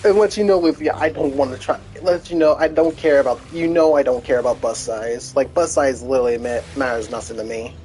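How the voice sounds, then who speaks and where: A man's voice: mid-range voice, fairly even intonation, brisk, hardly any pauses, warm tone, a little hiss or hum. A man streaming a video game, rambling in casual chat with many restarts and fillers.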